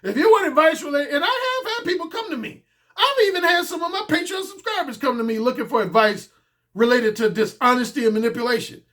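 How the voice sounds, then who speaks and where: A man's voice: very high-pitched, animated, fast, fairly bright tone. A middle-aged man giving a blunt, emphatic solo commentary as a dating coach, repeating his points for stress.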